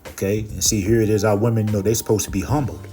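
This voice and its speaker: A man with a low, mellow voice preaches from scripture over faint music. He keeps dropping "okay" and "you know" between phrases. When he reads a verse, he slows down and leans in. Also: steady tone. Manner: reads verses slowly and louder. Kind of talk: scripture teaching.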